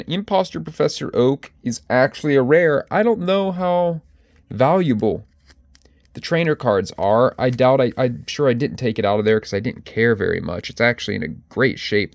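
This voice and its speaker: This collector vlogger has a mid-range voice with vocal fry, recorded with no echo. Addressing viewers directly as he pages through his card collection, he chats casually and keeps correcting himself mid-sentence.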